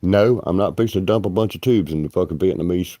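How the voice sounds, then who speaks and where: A blunt man talks off the cuff on a livestream, swearing freely and grumbling. His voice is lowish and dark, and the sound is dry and close. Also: fast, no echo. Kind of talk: rambling livestream talk.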